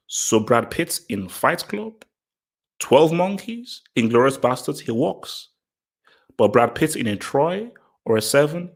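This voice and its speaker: A man hosting a casual question-and-answer talk to camera, blunt and emphatic, repeating himself with many fillers. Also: lowish voice. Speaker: host answering viewer questions.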